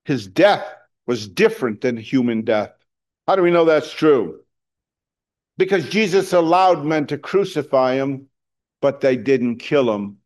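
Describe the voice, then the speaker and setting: A middle-aged man preaching a sermon, talking conversationally with fillers and restarts, building to loud emphatic points. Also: medium pitch, animated, a little slow. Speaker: pastor.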